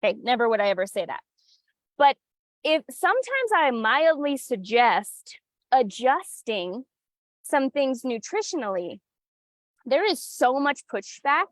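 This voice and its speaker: A woman's voice: high-pitched, sing-song, unhurried, dry recording. A woman wellness coach talking candidly and chattily, teasing clients' excuses and acting them out. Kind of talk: casual solo talk.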